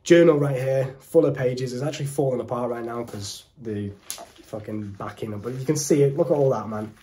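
A young man with a British accent giving direct-to-camera dating advice in an emphatic, deliberate, preachy way. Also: medium pitch, warm tone, a little hiss or hum. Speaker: dating coach.

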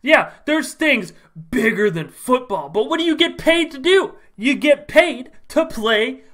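A man putting on an outraged male football fan who rants at a player with shrill rhetorical questions. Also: lively intonation, measured pace, fairly bright tone, heavily acted.

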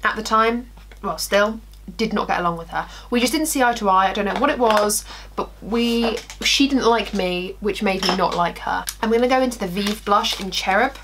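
A woman's voice: medium pitch, normal speed, noisy background. A woman in her twenties, a beauty vlogger chatting through a story while doing her makeup. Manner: animated storytelling, acting out quotes, laughing.

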